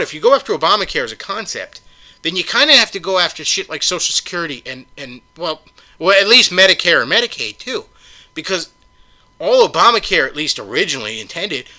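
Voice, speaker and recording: Forceful, profane man ranting on a podcast. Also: on the high side. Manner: profane, sarcastic, heated ranting; rhetorical questions, mocking. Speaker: podcast host. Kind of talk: solo political rant.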